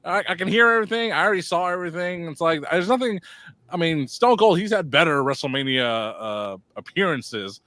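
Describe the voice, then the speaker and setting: A man co-hosting a podcast, giving blunt, mocking opinions in an animated way and laughing easily. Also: fairly high pitch, brisk, no echo. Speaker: podcast co-host. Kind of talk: casual podcast chat.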